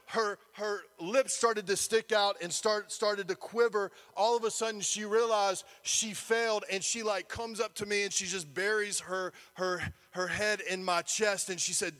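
A man preaching a sermon to a congregation, telling a story with animation and building to near-shouting at its peaks. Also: high voice, steady tone, a little slow. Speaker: pastor. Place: church service before a congregation.

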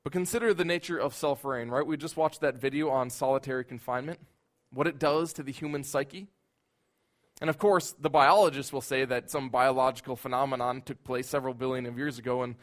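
A man preaching a sermon in an earnest voice, building at times into loud, emphatic outbursts. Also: medium pitch.

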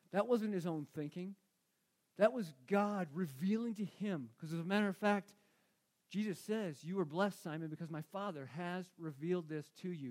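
A male pastor preaching a sermon, acting out Bible figures and swinging from loud to hushed. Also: sits high.

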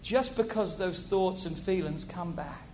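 A man preaching a sermon to a congregation, animated, repeating key phrases and asking the audience questions. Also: sits high, measured pace, slight background noise.

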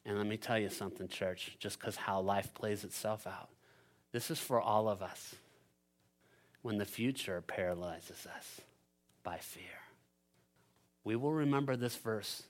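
A man preaching a sermon as pastor, animated and playful, swinging between loud urgency and quiet emphasis. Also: fairly low pitch, a little slow, pauses often. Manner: playful asides and silly voices for the disciples.

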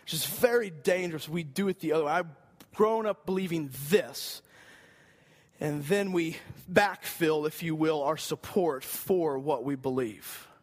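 A man's voice: a little high, a little slow. A man preaching a sermon in an earnest, conversational way, rising for emphasis. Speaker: pastor.

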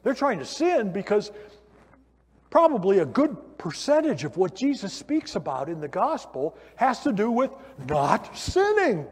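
Animated preacher man in a reverberant church. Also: a little high, husky. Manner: animated, conversational preaching with rhetorical questions. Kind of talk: sermon. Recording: long hall reverb.

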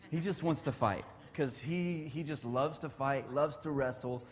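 A man's voice: medium pitch, a little slow, big-room sound. A man in his thirties giving a casual devotional talk, chatty and laughing often.

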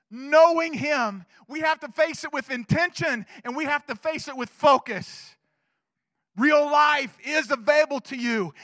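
Male pastor, very high voice, animated sermon delivery, dry close sound. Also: dry recording. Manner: animated, swings between loud urging and hushed asides. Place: church.

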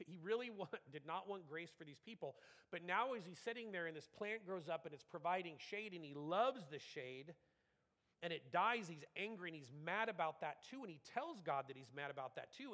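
Higher-voiced man preaching a sermon. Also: in a large hall. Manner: animated, conversational, acts out quotes.

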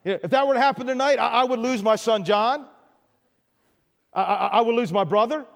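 A man's voice: very high voice, a little fast, vocal fry. An older male pastor telling a story in a sermon, repeating words as he restarts phrases. His raised voice carries with long reverb through a big hall.

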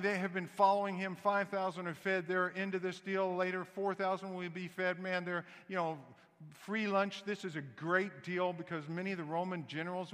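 A man pastor preaching a sermon in a church, an animated storyteller who slips into voiced asides. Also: high voice, in a large hall.

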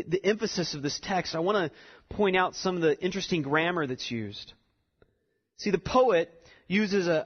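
A man's voice: high-pitched, slightly rough. A man preaching a sermon, explaining a text and building to emphatic repeated lines. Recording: dull sound with long reverb in a hall.

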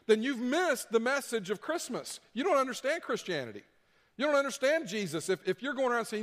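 Preaching in a large hall, this pastor hammers home key phrases through repetition and performs the words of imagined people. He speaks fairly quickly in a high-sitting, animated voice.

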